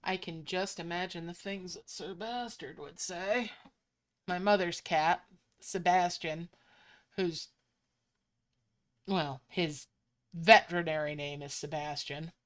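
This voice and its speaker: A woman's voice: fairly low pitch, fairly even intonation, takes it slowly, pauses often, a bit bright. A woman giving casual, chatty commentary while playing a mobile game, musing aloud between moves on a desk microphone.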